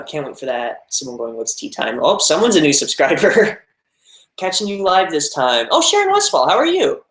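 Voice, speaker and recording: A man's voice: fairly high pitch, fairly bright tone. A young American man reading viewer comments and answering them in a rambling, casual live-stream chat. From United States. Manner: rambling, many fillers and restarts. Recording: roomy echo.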